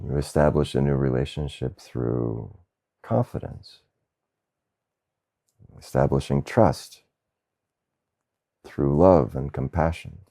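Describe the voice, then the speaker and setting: Deep gravelly man giving a slow satsang talk. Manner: slow, gentle, with soft laughs and questioning "huh?". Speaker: spiritual teacher. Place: Asheville, North Carolina.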